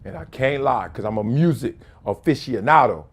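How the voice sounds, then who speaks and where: A man in his fifties hosting his own show from a room at home, telling stories in a casual, slangy way that bursts into shouts and laughter. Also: medium pitch, lively intonation, moderate pace. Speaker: show host. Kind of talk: casual storytelling monologue.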